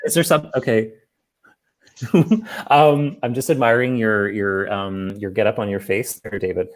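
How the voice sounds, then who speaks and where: A man's voice: fairly low pitch, fairly even intonation. A man hosting an online comedy show from home. He rambles and stops often, mocking himself as he goes. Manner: rambling, halting, self-mocking. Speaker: host. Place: home, on a livestream call.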